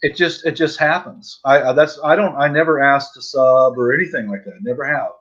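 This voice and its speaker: A man's voice: medium pitch, brisk, a bit bright, dull audio. A man telling jokey stories in a casual livestream chat, often repeating his words. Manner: joking storyteller, repeats himself. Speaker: livestream guest. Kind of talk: casual banter.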